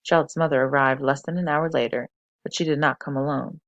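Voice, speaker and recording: A teacher reading a novel aloud for a fifth-grade class, steady and expressive. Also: medium pitch, fairly quick, no echo, muffled recording.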